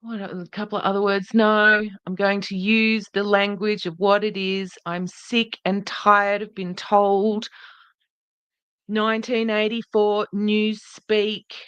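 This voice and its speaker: A woman's voice: medium pitch, level tone, a little slow, a bit bright, smooth, no room sound, muffled recording. A woman hosting a podcast livestream in a casual, chatty way, greeting viewers by name and speaking earnestly and indignantly. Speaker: podcast host.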